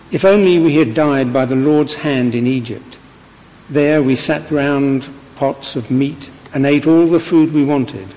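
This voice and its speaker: A man reading Bible passages aloud at a church service, measured and deliberate, lifting his voice for the quoted lines. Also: a little high, darkish tone. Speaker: scripture reader at a church service. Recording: long church reverb.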